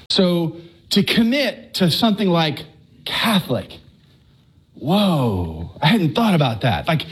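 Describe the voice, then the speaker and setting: A middle-aged man from Texas giving an earnest, animated personal testimony to a live audience, stammering and repeating himself. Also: sits high. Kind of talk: storytelling talk to a live audience.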